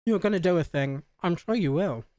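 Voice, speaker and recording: A woman's voice: on the low side, animated, brisk, warm tone, dry recording, studio quality. A woman with a Scouse accent streaming a game live, chatty and sweary, laughing at herself.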